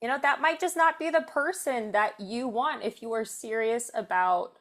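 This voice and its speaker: A woman's voice: a little high, normal speed, fairly bright tone. Encouraging woman podcast host. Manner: earnest, encouraging advice. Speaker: podcast host and strength coach. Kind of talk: casual interview chat.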